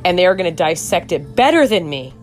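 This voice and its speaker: A woman's voice: fairly low pitch, sing-song, a little fast, soft background music. A woman hosting a true crime podcast, giving outspoken, rambling commentary with swearing and many restarts. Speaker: podcast host.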